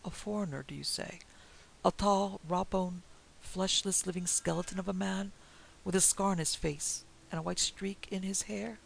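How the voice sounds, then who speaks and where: A man's voice: high voice, steady tone, moderate pace, vocal fry, fairly bright tone, slight background noise, voice pushed up, full character voice, low-quality recording. A man doing an impetuous little Frenchman. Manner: impetuous, exclamatory, formal phrasing.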